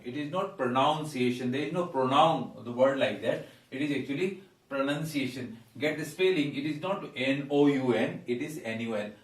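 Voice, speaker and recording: A man with an Indian English accent gives a pronunciation lesson at a whiteboard, pausing often and repeating each word slowly and deliberately. He stands back from the microphone, so his voice comes through with distance. The room adds a noticeable echo. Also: mid-range voice. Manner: halting, frequent "uh", repeats words slowly and deliberately. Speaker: English teacher. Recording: roomy echo, mic at a distance.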